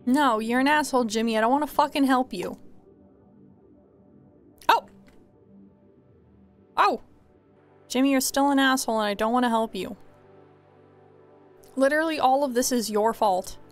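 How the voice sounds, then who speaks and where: A woman giving casual let's play commentary, chatty and laughing, often yelling profanities at characters. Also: high-pitched. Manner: profane, yells at game characters. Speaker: gamer.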